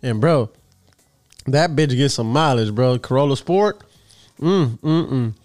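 A man's voice: mid-range voice, unhurried, darkish tone, dry recording, clean studio sound. A middle-aged man, telling a rambling, profane story in casual podcast chat. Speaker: podcast co-host.

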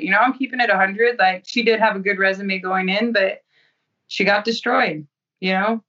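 Woman fighter, cocky and profane, bright voice, distant lo-fi audio. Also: medium pitch, fairly even intonation, normal speed. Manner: blunt, profane, self-assured. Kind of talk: interview answers.

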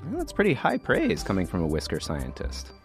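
A man's voice: low-pitched, wildly swooping pitch, a little fast, over music. A man co-hosting a science podcast for kids, playful and jokey. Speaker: co-host.

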